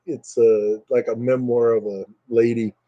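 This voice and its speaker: A man with a warm, mellow voice hosts a casual livestream from home. He rambles easily, pauses on fillers and reads viewer comments aloud in a relaxed way. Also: medium pitch, muffled recording. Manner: relaxed, hesitant with many fillers. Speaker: livestream host.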